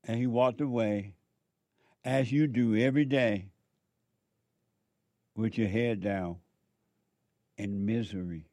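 A man preaches a sermon slowly, leaving long pauses, in a fairly low, mellow voice. He speaks straight to his listeners, exhorting them and repeating his points, in a dry recording.

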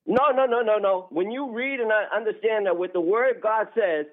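A man's voice: sits high, normal speed, dry recording. A man calling in to argue about religion, preachy and agitated, often talking over the other speaker, heard through a phone line. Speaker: caller. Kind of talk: heated religious argument on a call-in show.

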